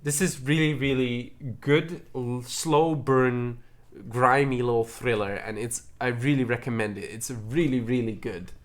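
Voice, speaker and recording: A man's voice: mid-range voice, steady tone, measured pace. A man streaming from home in a casual, chatty way, enthusiastically praising things and often repeating himself. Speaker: streamer showing his movie collection.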